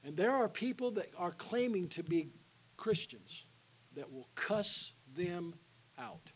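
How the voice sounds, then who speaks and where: A man preaching an evangelistic sermon in a church, calling out to the congregation for responses and dropping to a hushed voice for the invitation. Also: high-pitched, expressive, slow pace, breathy edge, low-quality recording. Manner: call-and-response with the congregation, alternating loud and hushed. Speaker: guest preacher. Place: church sanctuary.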